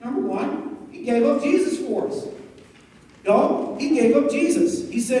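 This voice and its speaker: A man's voice: very high-pitched, moderate pace, recorded from a distance. A man preaching to students, telling stories with jokes and asides. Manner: animated storytelling with jokes and asides. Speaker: youth pastor. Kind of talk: youth sermon. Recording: echoey hall, mic from afar.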